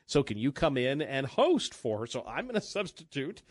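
A man hosting a talk radio show in casual banter, chatty, with halting restarts and frequent laughs. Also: medium pitch, very animated, dry recording, studio quality.

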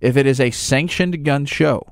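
A man's voice: mid-range voice, moderate pace, no room sound, studio quality. A man who runs a gun store, talking casually in rambling restarts and acting out little scenes with other people's voices. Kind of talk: casual conversation.

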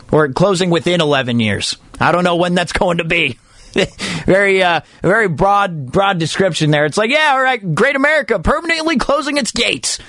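A man hosting a sports radio show, reciting a mock-dramatic ode in slow, solemn tones and laughing at himself. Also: a little high, a bit bright, dry recording, studio quality. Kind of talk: mock slam-poetry ode, then reading listener texts.

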